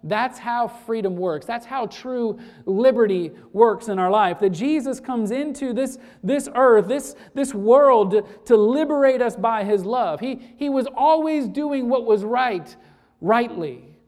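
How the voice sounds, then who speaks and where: A woman preaching a sermon and retelling a story to make her point, dropping to a hush for emphasis and then building back up. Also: fairly high pitch, lively intonation, measured pace.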